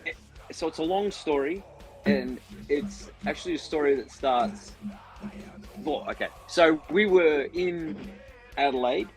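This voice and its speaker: An Australian man, a band musician, telling a long story in a lively, rambling way and acting out what people said. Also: fairly high pitch, measured pace, soft background music, poor audio. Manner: animated, rambling, acts out others' lines. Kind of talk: casual storytelling on a livestream.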